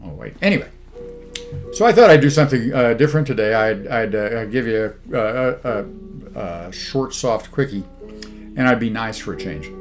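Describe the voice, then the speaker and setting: A man in his sixties from southeast Missouri, hosting a record review with dry sarcastic jokes and many halting filler sounds. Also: fairly low pitch, lively intonation, music in the background. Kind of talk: casual monologue to camera.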